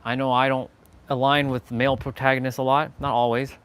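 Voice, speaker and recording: A man at an ordinary mid pitch, hosting a loose motivational live stream. He drifts from near-whispered asides to slow, loud, stretched-out emphasis and laughs at his own tangents. A faint hiss sits under the voice. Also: flat delivery. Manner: swings from low murmurs to loud, slow, drawn-out emphasis; laughs often, casual and self-aware.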